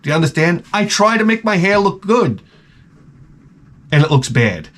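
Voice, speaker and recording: A middle-aged man hosting his own channel, telling rambling, profane stories in a casual, animated way. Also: high voice, moderate pace. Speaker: channel host. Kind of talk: casual storytelling to camera.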